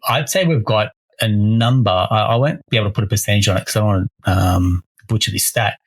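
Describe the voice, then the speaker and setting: A man's voice: fairly low pitch, quick pace, breathy edge, no room sound, poor audio. A man, co-hosting a casual podcast as a mortgage broker, talking energetically and often restarting his phrases.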